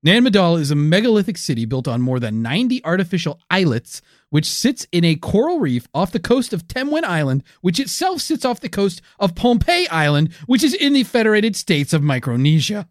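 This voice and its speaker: A man co-hosting a comedic podcast, reading history notes quickly with jokey asides. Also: high voice, very animated, dry recording, studio quality. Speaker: podcast co-host. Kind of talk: casual comedic podcast chat.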